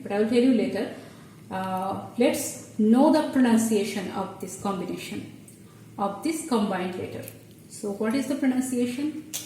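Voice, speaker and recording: Speaking on the high side with a dark tone, a woman teaching Bengali patiently explains at a board step by step, restarting in halting bursts. She's far from the mic in an echoey room, with a little hiss or hum and faint ambience.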